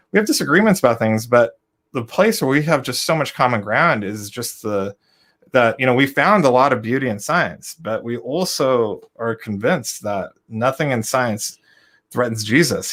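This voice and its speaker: A man hosts an interview in a casual, earnest way. His voice sits at an ordinary middle pitch, and he thinks aloud as he looks for his words. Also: a bit bright. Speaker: host.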